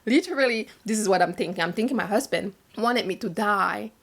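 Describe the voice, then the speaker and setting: A woman's voice: medium pitch, fairly quick, vocal fry. Woman telling her story, emphatic. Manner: animated, emphatic, repeats phrases. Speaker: vlogger. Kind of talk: personal storytelling.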